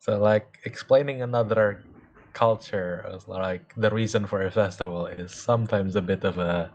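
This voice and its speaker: A man co-hosting a live reaction to an animated series, casually explaining jokes and cultural references. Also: on the low side, normal speed, highs cut off. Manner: explains things to his co-host.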